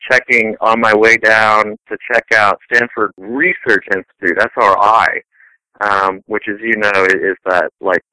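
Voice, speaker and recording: A middle-aged man speaking as a scientist guest, his voice sharply bright and resonant, recorded dry and close. He tells long, rambling anecdotes in easy conversation, a touch low in pitch. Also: steady tone, measured pace, smooth, no echo, low-quality recording. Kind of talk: casual conversational interview.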